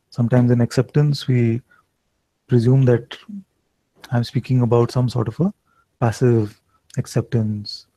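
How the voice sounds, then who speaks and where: A man giving a satsang talk as a spiritual teacher, slow and reflective, often checking in with listeners. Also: mid-range voice, dry recording, low-quality recording. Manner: slow, reflective, gently questioning.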